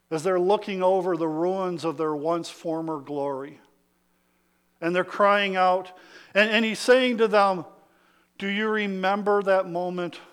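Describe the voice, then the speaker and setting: A man preaching a sermon, swinging from hushed lines to loud calls for amens and acting out the voices of his listeners. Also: sits high. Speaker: pastor.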